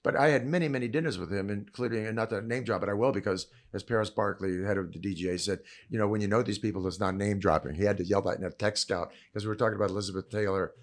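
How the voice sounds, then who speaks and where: A man's voice: very fast, few pauses. Older man telling stories with dramatic swings. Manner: acts out quotes with big swings in pitch and loudness; drops low and quiet for asides. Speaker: guest. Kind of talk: animated storytelling chat.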